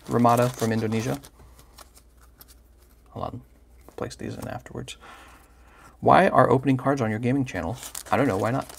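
A man's voice: medium pitch, gravelly, slight background noise. A man hosting a livestream, chatting casually and playfully while opening trading card packs and teasing viewers by name.

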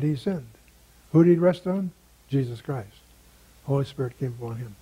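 Older man teaching the Bible, husky voice. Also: fairly high pitch, dark tone, poor audio. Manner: conversational, asks rhetorical questions.

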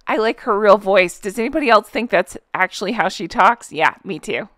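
A woman's voice: mid-range voice, animated, fairly quick, a bit bright, no room sound, studio quality. Chatty woman reaction host. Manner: chatty, giggly, lots of fillers and asides to viewers. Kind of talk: casual reaction commentary.

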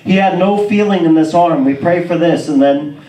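A young man preaching in a church, telling a testimony story with animated voices and frequent laughter. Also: fairly high pitch, normal speed. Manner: animated storytelling, acts out dialogue, laughs often. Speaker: guest preacher. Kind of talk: sermon testimony. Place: church sanctuary. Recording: roomy church audio, mic far off.

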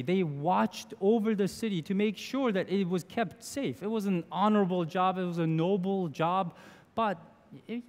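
A man's voice: fairly high pitch, darkish tone. A man in his thirties preaching a sermon in an earnest, conversational way, with small restarts. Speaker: pastor. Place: church sanctuary. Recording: long church reverb.

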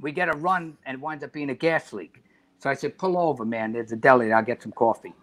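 A middle-aged man, a podcast guest telling profane, animated stories in casual chat. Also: mid-range voice, brisk. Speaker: podcast guest, retired fire chief.

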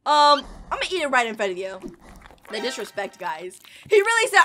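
A woman giving excitable, chatty reaction commentary while watching an animation. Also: high voice, a little fast, faint music behind. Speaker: reaction video host.

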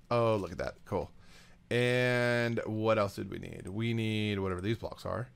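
A man giving casual, rambling gameplay commentary as a let's play host, getting excited and chatting to the items he handles. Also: fairly low pitch, slow, vocal fry, clean tone.

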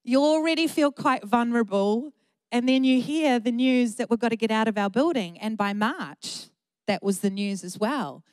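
A woman's voice: on the high side, expressive, normal speed, darkish tone, no echo. A middle-aged woman pastor, preaching an earnest, emphatic sermon with repeated phrases.

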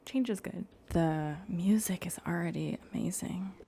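Gravelly-voiced woman gushing over a game. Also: on the low side, unhurried, slight background noise. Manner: soft, gushing reactions, gasps and drops to whispers. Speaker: gaming YouTuber. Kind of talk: cozy game playthrough commentary. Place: home room.

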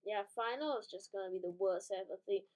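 A woman's voice: mid-range voice, fairly quick, a little mellow, rough recording. A woman giving casual, rambling gameplay commentary, correcting herself as she thinks aloud, with sudden startled outbursts. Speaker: gaming channel host.

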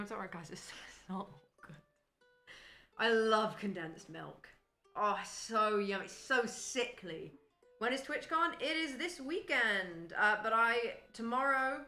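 Bright, chatty young British woman streaming. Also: on the high side. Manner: chatty, rambling, talks to chat. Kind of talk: casual baking livestream chat. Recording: faint music behind.

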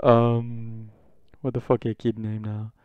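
A young man retells a fan story off the cuff, swearing freely and jumping into the characters' lines. His voice is smooth and clear at a middling pitch. The sound is dry and close to the mic. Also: completely flat delivery, no echo, phone-quality sound. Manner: rambling and profane, acts out dialogue in quick bits.

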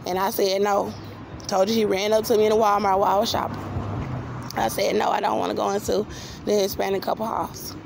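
Gravelly-voiced woman telling a rambling story. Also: medium pitch, flat delivery, a little fast, background noise. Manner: rambling, repeats herself, many restarts. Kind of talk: personal storytelling monologue.

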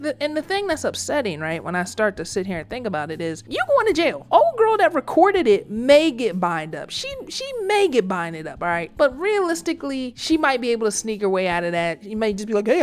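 A woman YouTuber giving casual commentary on a news clip, blunt and profane, joking and breaking into laughter. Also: mid-range voice.

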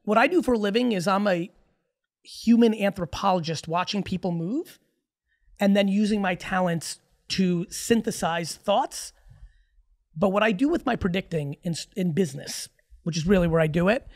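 This high-voiced podcast guest, a man in his forties, rattles off story after story. His manner is loose and forceful, with plenty of swearing.

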